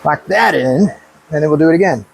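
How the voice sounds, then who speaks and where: A man casually talking through his truck build in a workshop, relaxed and thinking aloud as he works. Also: a little high, moderate pace, creaky, slight background noise. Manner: relaxed and hands-on, thinking aloud while working. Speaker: car builder and channel host. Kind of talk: casual shop talk explaining a build.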